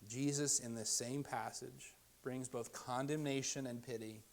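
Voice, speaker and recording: A young adult man preaching a sermon as pastor, moving from hushed, soft-spoken lines to raised, emphatic ones. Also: medium pitch, steady tone, measured pace, creaky, slight background noise.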